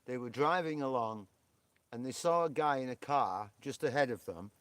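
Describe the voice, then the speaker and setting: A man's voice: medium pitch, normal speed, a bit bright, no room sound. A man with a Yorkshire accent co-hosting a live stream, rambling and chatty with lots of fillers. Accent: Yorkshire English. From England.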